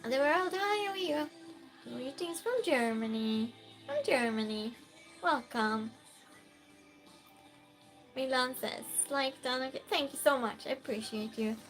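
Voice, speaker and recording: A woman's voice: high voice, a little slow, long pauses, faint music behind. A woman with a Swedish accent, casually chatting with her stream and reading viewer comments aloud. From Sweden. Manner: relaxed, reads chat aloud, soft giggles.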